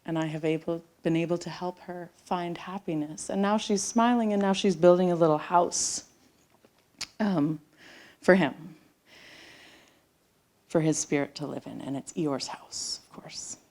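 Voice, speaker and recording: A middle-aged woman with a slightly low voice tells a personal story live on a theater stage. She speaks intimately and sometimes drops to a near-whisper. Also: a little slow, long pauses, darkish tone. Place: theater stage before an audience.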